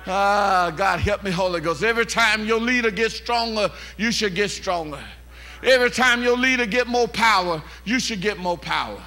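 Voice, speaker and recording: Pastor guy, bright sharp voice, fired-up call and response sermon. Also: sits high, normal speed. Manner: fervent call-and-response preaching, rising to shouts. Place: church sanctuary. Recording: live church service with organ music behind.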